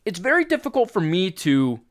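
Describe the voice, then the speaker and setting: Exasperated man ranting, high and lively. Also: fairly quick. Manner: exasperated, blunt, swears. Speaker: fitness podcast host. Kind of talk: ranting podcast monologue.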